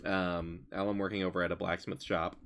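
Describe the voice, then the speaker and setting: A man's voice: sits low, level tone, brisk, a bit bright, a little hiss or hum. A man narrating as game master in casual chat, with many fillers.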